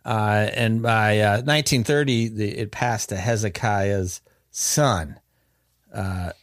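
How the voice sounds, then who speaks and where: A man's voice: lowish voice, takes it slowly, no echo, clean studio sound. A man hosting a podcast, telling a story in casual chat. He rambles, restarts often and uses many fillers.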